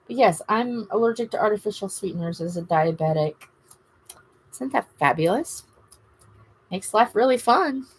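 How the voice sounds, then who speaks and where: A woman's voice: medium pitch, animated, normal speed, pauses often, breathy edge. A middle-aged woman with a Southern US accent, hosting a casual livestream and chatting in a rambling, gushing way with her viewers. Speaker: livestream host. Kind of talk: casual live-stream chat to viewers.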